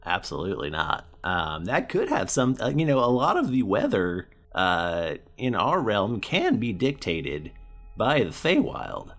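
A man, the dungeon master, chatting on a podcast and recapping a tabletop game in a halting way with many fillers. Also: on the low side, wildly swooping pitch, a bit bright, faint music behind.

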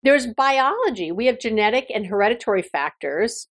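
A woman hosts a solo podcast and talks through a psychology topic as if chatting with a friend. She pauses on "um" and "you know", restarts her sentences and corrects herself, all at an ordinary middle pitch. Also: animated. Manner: conversational, self-correcting with fillers and restarts; explanatory, addresses listener directly. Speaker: podcast host and therapist.

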